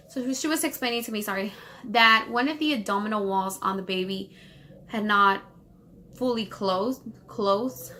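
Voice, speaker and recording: A woman from Los Angeles telling a personal story on her vlog, rambling fast with many fillers and restarts while holding back tears. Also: mid-range voice, bright, forceful tone, a little hiss or hum. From Los Angeles, United States. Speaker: vlogger.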